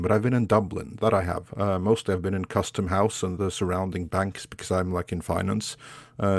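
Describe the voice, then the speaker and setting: A man appearing as a guest on a casual livestream, chatting in a relaxed way about his travels. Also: sits low, creaky, dry recording, clean studio sound. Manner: relaxed, chatty, occasional fillers.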